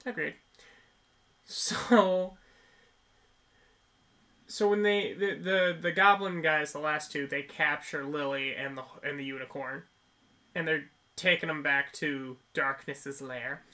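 A man with a bright, forceful and slightly high voice recaps a movie for his podcast co-host. He tells the story in an animated way and breaks into laughter often. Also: slow, pauses often. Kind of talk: casual film review chat.

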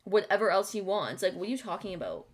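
A young woman co-hosts a casual podcast chat. She talks fast and chattily, with lots of fillers. Her voice sits at an ordinary pitch for a woman. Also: big pitch swings, a little hiss or hum. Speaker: podcast co-host.

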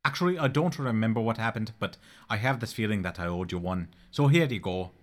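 A man's voice: lowish voice, animated, a little fast, close to an everyday voice. An actor playing a friendly, gossipy male makeup artist.

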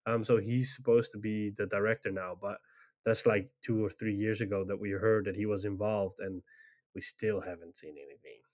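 A man's voice: lowish voice, fairly even intonation, moderate pace, a little mellow. Easygoing hesitant man. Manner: easygoing, agreeable, hesitant with "uh" and restarts. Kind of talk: casual chat about games and movies.

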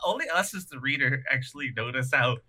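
A man's voice: medium pitch, lively intonation, brisk, sharp tone. A man co-hosting a casual comic book podcast, laughing often, swearing and acting out the characters' lines. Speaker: podcast co-host.

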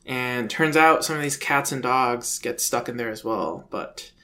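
A man's voice: mid-range voice, a little slow, pushed and bright. A man co-hosting a podcast, talking casually about a cartoon episode and hesitating between thoughts. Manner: hesitant, uses many fillers. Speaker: podcast co-host.

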